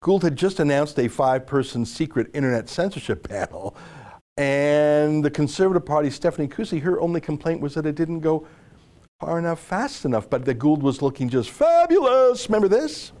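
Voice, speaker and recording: A man's voice: fairly high pitch, expressive, normal speed, darkish tone. A man hosting a political commentary segment, speaking in a sarcastic, mocking way. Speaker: commentary show host.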